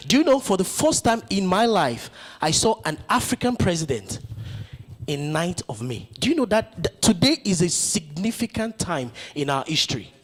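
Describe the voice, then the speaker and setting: At a conference, a Nigerian man gives a stirring motivational speech built on rhetorical questions. His high-pitched voice is very animated at normal speed, and there is a little hiss or hum in the recording.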